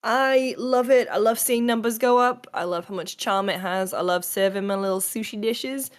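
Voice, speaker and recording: Woman co-host; chatty, lively, ranting with a smile. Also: a little high, moderate pace. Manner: chatty, animated, cheerfully ranting. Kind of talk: casual chat.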